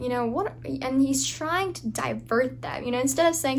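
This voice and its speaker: Woman, devotional speaker, earnest, informal, fillers and restarts, somewhat high voice, faint hum behind. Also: moderate pace.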